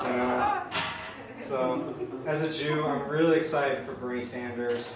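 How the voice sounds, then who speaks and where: A man's voice: medium pitch, steady tone, moderate pace, a little hiss or hum. A young man doing a rambling, self-deprecating open mic stand-up set, full of fillers. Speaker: stand-up comedian. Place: small open mic room, audience laughing. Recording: echoey live room bootleg from far off.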